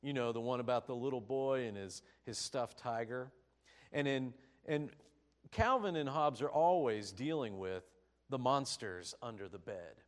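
A man preaching a sermon, telling stories with animated, rising emphasis. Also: medium pitch, unhurried. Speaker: pastor.

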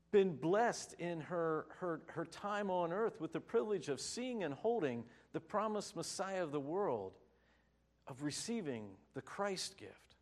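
Male preacher, sermon delivery, animated, slightly high, rhetorical questions. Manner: expressive storytelling, rising rhetorical questions.

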